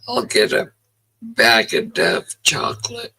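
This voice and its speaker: A woman's voice: very deep voice, wildly swooping pitch, slow pace, creaky, bright, forceful tone, rough recording. A middle-aged woman hosting a livestream, telling stories in casual chat and laughing often. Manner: chatty storyteller, laughs often. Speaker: livestream host.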